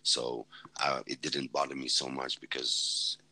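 A man's voice: very deep voice, level tone, a little slow, bright, forceful tone, no echo, low-quality recording. A Swedish man, a native Swedish speaker, casually and bluntly telling a war story on a podcast, rambling and swearing. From Sweden. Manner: rambling, blunt, swears freely, many restarts. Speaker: podcast guest, former fighter and medic.

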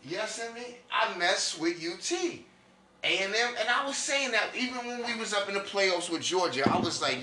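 Man, rambling comic monologue, lively swinging pitch, bright forceful tone, echoey room a bit off-mic. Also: normal speed, far from the mic, slight background noise. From New York. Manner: loud, preachy, swings high and low.

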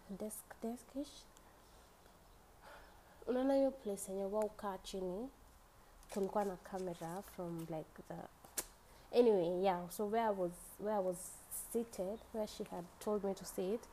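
A woman's voice: mid-range voice, warm tone, a little hiss or hum, rough recording. A young woman with a Kenyan accent, hosting a podcast and telling a story in a chatty way. She mixes English with Swahili slang and laughs often. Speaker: podcast host. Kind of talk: casual storytelling.

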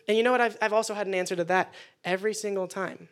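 High-voiced man giving a lively youth sermon. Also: very fast. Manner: energetic and conversational, joking. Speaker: youth pastor. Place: indoor meeting room with listeners.

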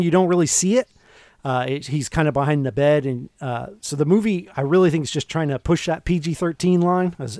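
A man co-hosting a podcast, recapping film scenes in an animated, casual way with lots of restarts. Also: on the high side, no echo. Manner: animated, retells scenes with quoted lines and restarts. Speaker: podcast co-host. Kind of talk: casual movie review chat.

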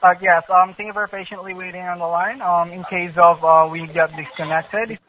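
A man's voice: high voice, fairly even intonation, normal speed, slight background noise. A male telemarketer on a phone call, reading a sales script with hesitant fillers.

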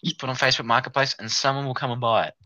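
A man's voice: medium pitch, fairly even intonation, rapid-fire, bright, forceful tone, no echo. A young Australian man casually telling a rambling story as a podcast co-host, slipping into mimicked voices. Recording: dull lo-fi sound.

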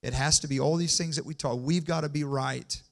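A man preaching a sermon in church, calling for amens and building from quiet to loud and emphatic. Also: a little high, fairly even intonation, fairly quick, vocal fry. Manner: call-and-response, asks the congregation for amens.

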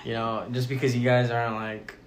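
A young man as a podcast guest, chatting casually with a dry, deadpan, mock-arrogant manner. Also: medium pitch, brisk, reverberant, a little hiss or hum. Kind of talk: casual chat.

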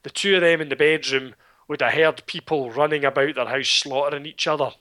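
Scottish male podcaster with a crisp, bright voice; wry, profane storyteller. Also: a little high, fairly quick. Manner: sardonic, swearing, animated storytelling. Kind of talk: casual film recap chat.

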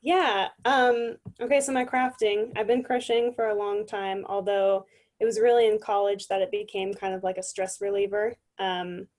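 Young woman, interview guest, chatty, filler words, middle pitch. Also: little pitch movement, moderate pace, darkish tone. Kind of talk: casual interview chat.

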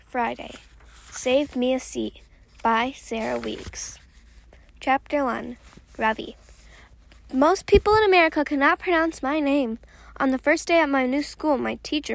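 High, gravelly woman reading aloud. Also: measured pace. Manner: steady first-person reading with small slips. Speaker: reader. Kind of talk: audiobook reading of a novel.

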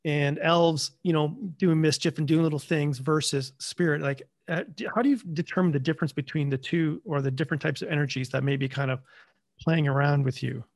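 Higher-voiced man asking rambling questions. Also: fairly quick, dry recording, studio quality. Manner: rambling questions full of fillers. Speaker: podcast host. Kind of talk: podcast interview.

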